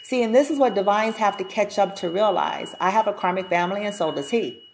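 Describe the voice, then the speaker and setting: A woman's voice: mid-range voice, a little fast, a little hiss or hum. A woman giving a casual spiritual reading to her viewers, chatty and blunt, swearing freely and often repeating herself as she thinks aloud. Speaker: spiritual reader.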